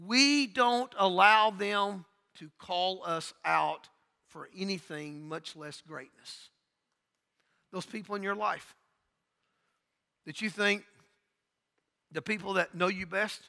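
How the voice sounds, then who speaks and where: A man's voice: sits high, gravelly, bright, forceful tone, in a large hall. A man preaching a sermon, telling stories with dialogue and building to emphatic calls. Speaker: pastor.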